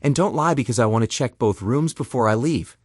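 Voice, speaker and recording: A man's voice: medium pitch, brisk, dry recording, clean studio sound, lightly acted. A man voicing a betrayed husband who interrogates his wife with cold sarcasm. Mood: mocking. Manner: sarcastic, demanding. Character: coldly mocking betrayed husband.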